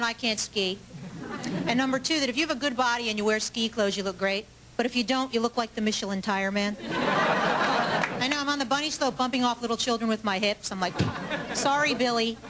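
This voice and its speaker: A woman doing stand-up with a slightly high, chatty voice, poking fun at herself and tossing quick asides to the room. She speaks into a handheld mic on a club stage. Loud audience laughter and a lot of live-room noise surround her. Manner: chatty, self-mocking, with quick asides to the crowd. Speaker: stand-up comedian. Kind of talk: stand-up comedy set.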